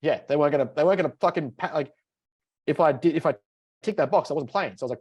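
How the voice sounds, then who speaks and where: A man's voice: a little high, very fast, slightly rough. A man co-hosting a podcast, telling stories in casual chat and swearing freely. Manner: swears freely, animated storytelling. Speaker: podcast co-host.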